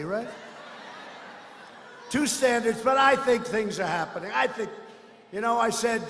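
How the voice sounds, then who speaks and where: A man delivers a campaign rally speech into a podium microphone, wandering from boast to mocking aside. His voice sits high, often pushed up into a shout. It rings through a huge indoor arena with a long tail of reverb and faint crowd murmur behind. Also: moderate pace, slight background noise. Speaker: politician at a rally.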